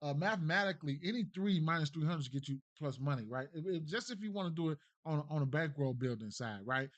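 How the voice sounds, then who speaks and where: A man's voice: fairly high pitch, lively intonation, fast, no room sound. A man hosting a casual sports betting breakdown, loose and slangy, thinking aloud and checking in with "right?" as he goes. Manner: thinks aloud, trails off and restarts.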